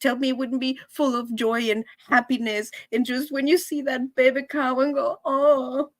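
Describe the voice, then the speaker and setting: A woman's voice: sits high, level tone, moderate pace, dry recording. A middle-aged woman, hosting a weekly live show and chatting casually with viewers, laughing between nearly every line.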